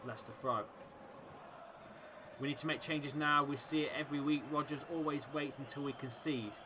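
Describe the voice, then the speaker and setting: A man hosting a live fan watchalong, commentating on the match and shouting encouragement at his team. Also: on the high side, steady tone, moderate pace, background noise. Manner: chatty, reacting and laughing at misses. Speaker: football fan watchalong host.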